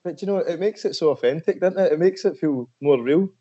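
A podcast host talks fast and casually with his guests. His voice is dark and mellow, and the recording sounds dull and lo-fi. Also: fairly high pitch. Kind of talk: casual interview chat. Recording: dull lo-fi audio.

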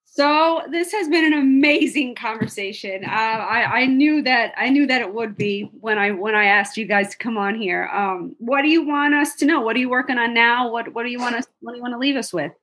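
A woman's voice: a little high, brisk, few pauses, a bit bright. A woman hosting a casual interview, affirming her guests and speaking with hesitant restarts. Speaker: host.

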